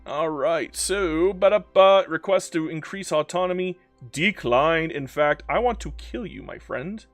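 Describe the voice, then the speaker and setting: A man doing live commentary on a strategy game, playful and excitable, talking to in-game nations and reading chat aloud. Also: a little high, a little slow, no room sound, faint music behind. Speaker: game streamer.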